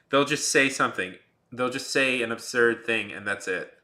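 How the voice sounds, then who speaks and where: A man's voice: medium pitch, moderate pace, sharp tone. A man streaming while he draws, chatting casually to viewers in a rambling, filler-heavy, dryly sarcastic way. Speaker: artist livestreaming while drawing. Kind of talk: casual livestream chat to viewers.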